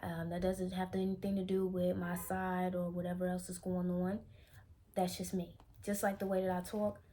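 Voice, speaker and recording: A young Chicago woman with a local accent rambles candidly through an unscripted vlog shot on her phone camera, correcting herself as she goes. Her voice sits on the low side, mellow and monotone, at a normal speed.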